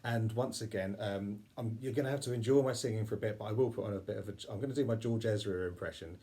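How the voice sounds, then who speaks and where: A man's voice: fairly low pitch, fast, dark tone. A man giving a casual ukulele lesson, chatty and self-deprecating, apologizing for his singing as he walks through the chords. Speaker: ukulele teacher. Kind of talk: casual music tutorial. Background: ukulele playing.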